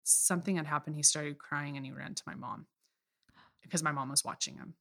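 A woman in her thirties, a podcast guest in casual chat, speaking candidly with frequent laughs and halting restarts. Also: low-pitched, steady tone, gravelly, pushed and bright. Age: 30s.

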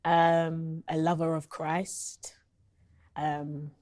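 A woman's voice: low-pitched, little pitch movement, very slow, a little mellow. Chatty young woman with a London accent. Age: 20s. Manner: chatty storyteller, many ums and likes. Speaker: guest, singer-songwriter. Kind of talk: casual interview chat.

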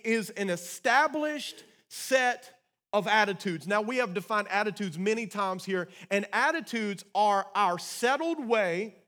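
High-voiced man preaching a sermon. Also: pushed and bright. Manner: emphatic, repeats key phrases for emphasis; calls for congregation responses. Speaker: pastor.

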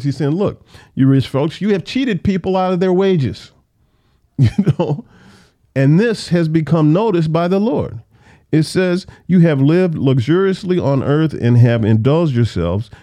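A man teaching a casual Bible study, reading verses slowly and then explaining them in loose, conversational asides. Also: a little high, dark tone, no echo.

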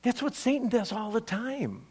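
A man preaching a sermon, telling the story and acting out the quotes with lively energy. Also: very high voice, normal speed, husky. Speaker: pastor.

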